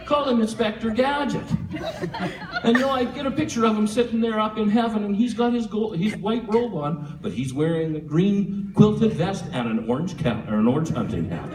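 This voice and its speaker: A man giving a humorous eulogy for his father at a church memorial, a lively storyteller who chuckles often. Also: high-pitched, normal speed. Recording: echoey hall from far off with faint room noise.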